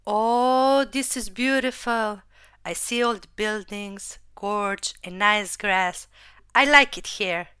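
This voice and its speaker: Brief: soft, earnest dragon robot girl read by a woman, storybook voice, bright and slow. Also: medium pitch, smooth, no room sound, studio quality. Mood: curious. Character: young female dragon robot, gentle and hopeful. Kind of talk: storybook reading.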